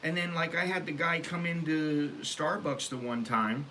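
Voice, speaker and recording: An American man hosting his own vlog, talking casually and bluntly, rambling and working himself up into loud rants. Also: a little high, moderate pace, slight background noise. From United States. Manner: rambling, blunt, gets worked up and loud when ranting. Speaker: vlog host. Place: Thailand.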